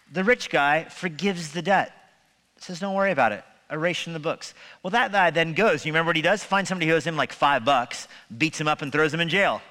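Male pastor, sermon, conversational with humor, bright voice, long church reverb. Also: on the high side. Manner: conversational preaching with humor and rhetorical questions. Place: church sanctuary.

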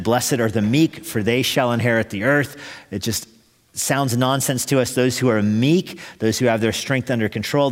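A man preaches in an easygoing, conversational way and drops in wry asides. His mid-range voice rings out into a long hall reverb, as in a church sanctuary. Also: medium pitch. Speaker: pastor. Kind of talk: sermon.

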